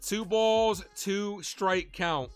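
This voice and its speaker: A man calling live play-by-play for his stream as a fan, excitable and shouting at big plays while he chats with viewers and reads their donations. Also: sits high, drawn-out words, smooth, faint music behind.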